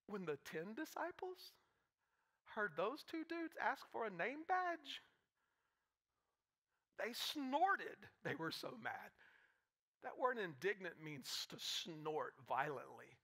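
Pastor guy preaching, high voice, keeps restarting, lots of asides. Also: sharp tone. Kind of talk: live sermon.

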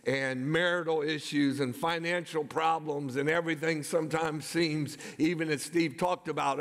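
A man's voice: a little high, fairly bright tone. A middle-aged man, a pastor preaching a sermon, telling personal stories and calling out to the congregation. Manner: storytelling, calls "come on, somebody". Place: church sanctuary. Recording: long hall reverb.

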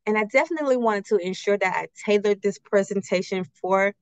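A woman from a credit union walks her audience through a budgeting workshop in a friendly, chatty way, drawing on everyday examples from her own life. She keeps checking in with a quick "right?" and poses question after question. The recording is dry and close, with a slightly muffled, lo-fi tone. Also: medium pitch, clean tone, dry recording. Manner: uses everyday personal examples. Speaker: credit union financial educator. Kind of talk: casual workshop presentation with slides.

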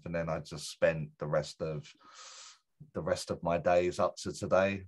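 A man's voice: deep voice, fairly even intonation, unhurried. A middle-aged man, a guest medium, telling a personal story in a rambling way, full of fillers and restarts. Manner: rambling, self-correcting, many fillers. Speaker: guest, spiritual medium and teacher. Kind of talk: casual storytelling in an interview.

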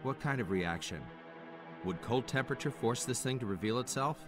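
An actor playing a blunt male crew member in a horror game, talking brisk and matter-of-fact. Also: medium pitch, expressive, music in the background, lightly acted. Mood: urgent. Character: male crew member of a storm-trapped search team, blunt.

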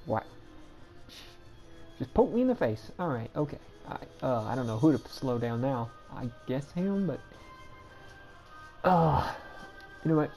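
Gravelly-voiced woman commenting on gameplay. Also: very deep voice, dark tone. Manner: chatty, self-deprecating, quick asides. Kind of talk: casual game commentary.

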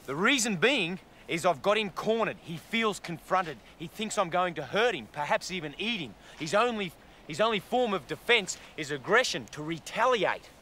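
A man with an Australian accent presenting wildlife outdoors, excitable and full of quick exclamations. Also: high voice. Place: outdoors in the bush. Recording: noisy outdoor field recording.

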